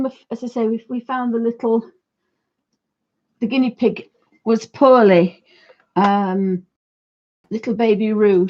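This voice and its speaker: A croaky woman in her fifties rambles casually to her viewers from a home art studio. Her voice sits a little high but sounds mellow and husky, and the recording is dull and lo-fi. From United Kingdom. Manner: chatty, rambling, talks fondly to her dog. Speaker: art livestream host. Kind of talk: casual chat to viewers and pets.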